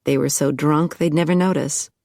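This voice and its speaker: Low-voiced woman narrating an audiobook. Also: fairly even intonation, normal speed, creaky, darkish tone, no echo, studio quality. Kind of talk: scripted narration.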